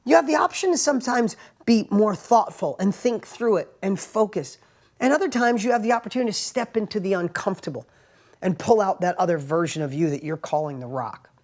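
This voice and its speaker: Animated man giving a casual motivational talk. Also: high-pitched, brisk. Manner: animated, emphatic storytelling with rising bursts and hushed asides; plain everyday wording, frequent "right?" tags. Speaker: motivational speaker and entrepreneur host.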